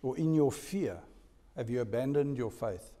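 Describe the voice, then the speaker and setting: A male pastor preaching a sermon, dropping to a hush and then rising to loud emphasis. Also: medium pitch, lively intonation, normal speed. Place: church hall. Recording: echoey church hall.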